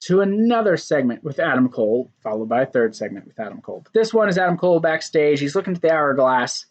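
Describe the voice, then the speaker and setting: A man casually recapping a wrestling show, animated, acting out quotes and laughing along. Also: fairly high pitch, fast, muffled recording.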